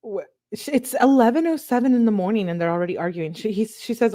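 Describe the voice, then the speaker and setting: A woman's voice: fairly high pitch, fast, no room sound. Woman host, casual commentary, sarcastic, reads texts aloud, dry close mic. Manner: chatty and sarcastic, laughing often, reading quotes in flat voice. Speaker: true crime channel host. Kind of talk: casual commentary reading text messages aloud.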